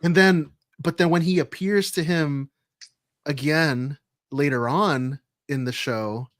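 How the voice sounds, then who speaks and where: Excited man in casual podcast chat. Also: a little high, slow pace, no room sound, clean studio sound. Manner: excited, lots of "like" and "you know". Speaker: podcast co-host.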